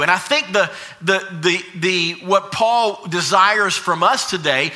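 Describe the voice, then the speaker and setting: A pastor preaches to his church, telling the story with energy and often restarting his phrases. His voice is a man's voice and very bright, and it sits somewhat high. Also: slow pace, few pauses. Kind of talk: sermon.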